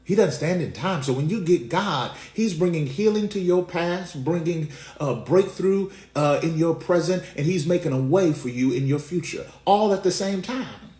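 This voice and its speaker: A middle-aged man preaching a casual devotional, telling folksy family stories in an animated way. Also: on the high side, moderate pace, hardly any pauses. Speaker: pastor. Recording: roomy echo.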